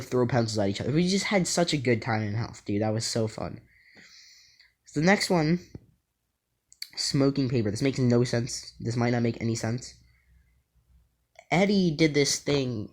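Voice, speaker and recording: A man's voice: medium pitch, darkish tone. Young male vlogger, casual storyteller, rambling, filler-heavy, amused. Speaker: YouTuber.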